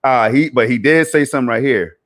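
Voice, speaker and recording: A man's voice: medium pitch, brisk, fairly bright tone. A man hosting a casual gaming podcast, talking in a laid-back, slangy way and dropping "man" and "bro" into most sentences. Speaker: podcast host.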